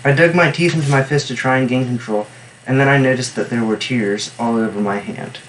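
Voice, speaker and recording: A man reading a novel aloud in steady first-person narration, stopping now and then for wry, offhand comments on the text. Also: mid-range voice, fairly quick, slight background noise, poor audio. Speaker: reader and annotator.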